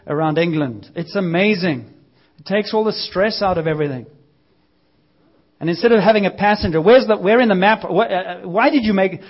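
A man preaching a sermon in a church, lively and using a prop as a visual aid. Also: high voice, highs cut off.

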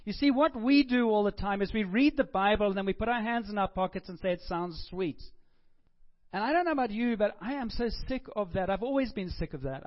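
A man's voice: sits high, lo-fi sound. A middle-aged man, a pastor, giving a chatty, joking sermon in a conversational way.

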